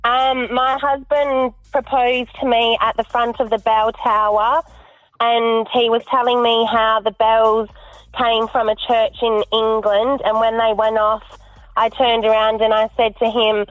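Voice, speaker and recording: A woman's voice: on the high side, little pitch movement, a little slow, no echo. A woman caller telling a plain, lightly amused story down a phone line.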